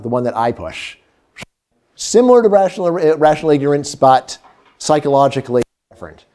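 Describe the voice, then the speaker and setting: A middle-aged man giving a lively, humorous economics lecture. He acts out quotes and sometimes drops to a hush. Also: medium pitch. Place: lecture hall.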